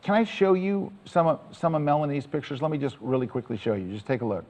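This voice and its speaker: A man's voice: a little high, fast talker, darkish tone, in a large hall, poor audio. A man giving a chatty, enthusiastic storytelling talk to an audience as presenter.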